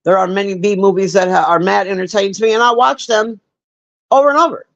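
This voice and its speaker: A woman's voice: mid-range voice, fairly even intonation, fast talker, lo-fi sound. Blunt, profane woman reviewing a movie live. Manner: chats with live viewers. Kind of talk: casual livestream movie review.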